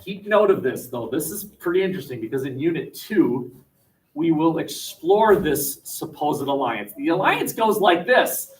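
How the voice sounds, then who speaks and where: A man teaching history in a lively classroom lecture, joking and acting out quotes with plenty of fillers. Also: fairly high pitch, moderate pace. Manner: jokey, acts out quotes, many fillers. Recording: voice from far off the mic in a classroom.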